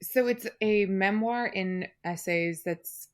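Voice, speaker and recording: A woman's voice: medium pitch, slow pace. A woman appearing as a podcast guest in casual chat, speaking in a wry, dry and candid way.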